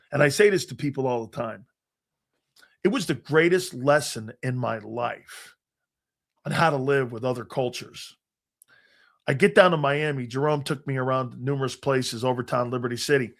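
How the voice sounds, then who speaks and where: An older man from Connecticut, a sports show host and former player, telling rambling anecdotes in a casual way with lots of restarts and some swearing. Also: medium pitch. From Connecticut, United States. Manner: rambling anecdotes, frequent restarts and fillers, profane.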